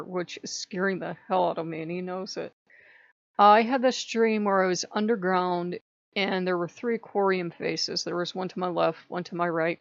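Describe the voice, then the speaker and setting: An animated woman chats to her viewers and tells a story in a casual vlog. Her voice sounds a little dull and lo-fi. The room is dry, with no echo. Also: medium pitch. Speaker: channel host.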